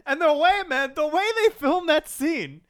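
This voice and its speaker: A man's voice: very high voice, moderate pace, a bit bright. A man co-hosting a casual movie chat, gushing enthusiastically and swearing freely. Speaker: podcast co-host.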